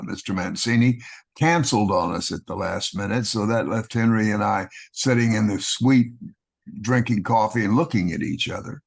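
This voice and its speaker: An older man from Texas, a guest actor, telling long anecdotes in an interview in a relaxed, storytelling way. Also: lowish voice, gravelly, breathy edge. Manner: relaxed anecdotal storyteller, acting out quoted voices.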